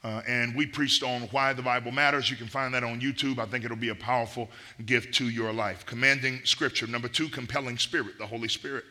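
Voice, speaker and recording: A man's voice: medium pitch, steady tone, brisk, hardly any pauses, bright, forceful tone. A middle-aged man preaching a sermon, emphatic and repeating key phrases. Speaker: pastor.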